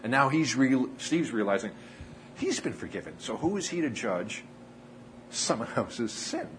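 A man preaching a sermon, telling stories earnestly with frequent pauses and acted-out dialogue. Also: medium pitch, sing-song, background noise. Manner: earnest, pauses often, acts out quoted dialogue. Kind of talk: sermon storytelling.

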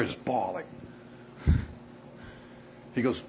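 A man preaching a sermon, telling stories earnestly with frequent pauses and acted-out dialogue. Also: medium pitch, very animated, slight background noise, low-quality recording. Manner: earnest, pauses often, acts out quoted dialogue. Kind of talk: sermon storytelling.

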